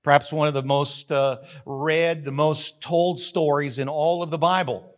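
A man's voice: on the high side, fairly even intonation, a little slow. A middle-aged man preaching a sermon as pastor, emphatic, drawing out key words.

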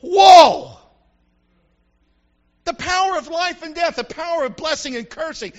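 A man preaching a sermon to his congregation, animated and preacherly, acting out the voices he quotes. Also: very high voice, brisk, muffled recording. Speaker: pastor. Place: church sanctuary with congregation.

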